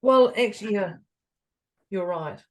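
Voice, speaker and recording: A middle-aged woman co-hosts a motivational podcast in a mid-pitched voice. She is chatty and expressive, tells personal stories and laughs often. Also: unhurried. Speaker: podcast co-host, stress coach. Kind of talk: casual motivational chat.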